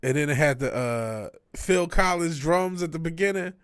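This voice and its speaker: A man's voice: fairly high pitch, lively intonation, normal speed, a bit bright, smooth, no room sound. A man livestreaming from his home music studio, chatting casually with plenty of slang and swearing, sometimes talking to his dog. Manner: laid-back, slangy, swears often; coaxing and scolding his dog. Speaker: music producer streaming live.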